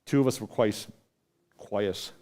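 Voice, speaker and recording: Low-pitched and mellow, an Irish-accented man speaks at a measured pace during a conference talk. His manner is conversational: he asks the audience things, relates a personal story, and restarts many of his lines.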